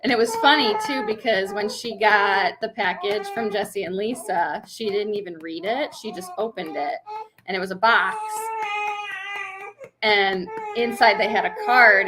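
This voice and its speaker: A woman's voice: medium pitch, unhurried, background noise. A young woman casually chatting on a livestream, laughing often and answering viewers' comments. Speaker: vlogger hosting a livestream.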